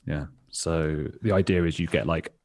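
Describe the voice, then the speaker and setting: A man's voice: very deep voice, steady tone, normal speed, dry recording, clean studio sound. A man in his thirties, a podcast guest in casual chat, rambling and self-mocking, laughing often and swearing casually. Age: 30s.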